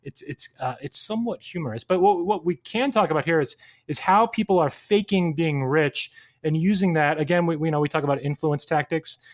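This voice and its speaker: A man's voice: a little high, brisk. A man from California co-hosting a podcast, talking casually and often repeating words as he thinks. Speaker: podcast co-host. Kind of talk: casual chat.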